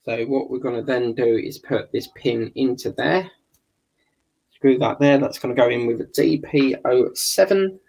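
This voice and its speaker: A man with a gravelly voice, chatting casually while building a scale model kit and muttering and swearing under his breath. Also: medium pitch, moderate pace, darkish tone, low-quality recording. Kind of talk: casual build video chat.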